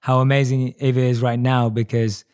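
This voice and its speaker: A man hosting a podcast interview, softly affirming and reflective as he listens and asks questions. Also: medium pitch, level tone, moderate pace, clear, resonant tone. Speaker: podcast host. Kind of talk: casual interview chat.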